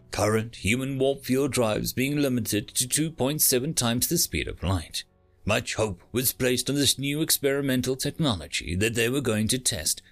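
A man reading a science fiction story aloud as narrator, with dramatic, lively delivery. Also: medium pitch. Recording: faint music behind.

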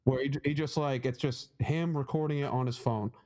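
Man, podcast co-host, casual rambling chat, middle-pitched voice. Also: fairly even intonation, moderate pace, warm tone. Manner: rambling, retells jokes in put-on voices.

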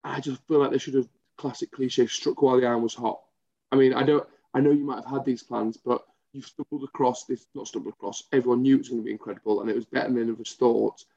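A man co-hosts a casual podcast, eager and quick to chime in with agreement. His voice is mellow and dark in tone, mid-pitched. The recording is slightly dull, with a lo-fi quality. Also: little pitch movement, gravelly. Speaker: podcast co-host. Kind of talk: casual wrestling chat.

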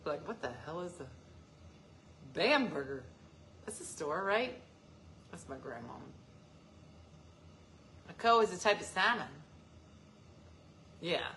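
A woman's voice: on the low side, very animated, slow, long pauses, fairly bright tone, slight background noise. A woman hosting a casual live stream, joking and teasing as she answers viewer comments. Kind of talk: casual chat.

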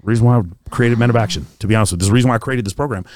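A man in casual podcast chat, blunt and profane, telling stories in a rapid rush. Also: mid-range voice, darkish tone, dry recording, studio quality.

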